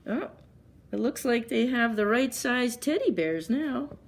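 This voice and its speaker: A woman librarian reading picture books aloud at story time, gently pausing to ask children questions. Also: a little high, animated, slight background noise.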